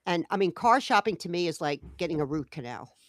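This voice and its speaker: A woman co-hosting a relaxed chat, her voice sitting on the low side. She spins an animated story and plays out each line of dialogue. The sound is dry and close, with no room echo. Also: a little fast. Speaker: co-host. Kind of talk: casual chat.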